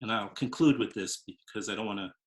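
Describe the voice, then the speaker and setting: A man's voice: lowish voice, brisk. A man in his fifties hosting an interview show, talking in long, rambling, hesitant sentences with many restarts. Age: 50s. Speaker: show host. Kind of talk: interview conversation.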